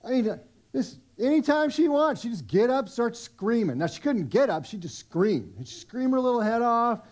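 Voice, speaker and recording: A man's voice: extremely high pitch, sing-song, moderate pace, a little mellow. A middle-aged man preaching a sermon at a church service, conversational and self-deprecating, with many restarts. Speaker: pastor.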